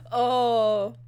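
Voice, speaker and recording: A young woman reacting to a manga chapter, gushing, giggling often, swearing freely and saying "like" constantly. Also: high-pitched. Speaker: manga reviewer.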